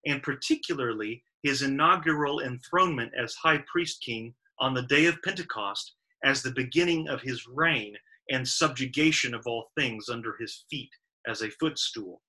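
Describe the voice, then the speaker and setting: A man with a very bright, ringing voice teaches a Sabbath Bible study. He walks through the verses methodically and leans hard on each word in a list. His voice sits a little high for a man. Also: low-quality recording. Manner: methodical, stressing lists of verbs with emphasis.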